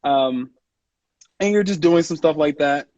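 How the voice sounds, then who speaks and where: A man's voice: a little high, unhurried, a little mellow, dry recording, lo-fi sound. Playful male voice actor, slightly scratchy. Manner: playful and self-mocking. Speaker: voice actor guest. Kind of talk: casual interview chat. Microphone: video call.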